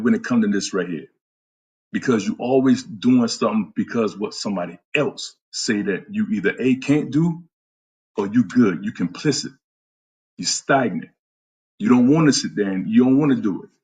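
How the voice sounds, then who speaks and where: Speaking at a moderate pace in a lowish, husky, slightly mellow voice, a fitness trainer talks to viewers on a casual stream. He is blunt and profane, trash-talking his audience about getting in shape and breaking off to greet people by name.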